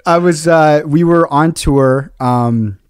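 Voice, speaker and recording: A man's voice: on the high side, takes it slowly, clear, resonant tone, no room sound, studio quality. A man on a podcast, telling a long story in casual chat with lots of fillers and restarts. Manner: rambling, many fillers and restarts. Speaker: podcast co-host.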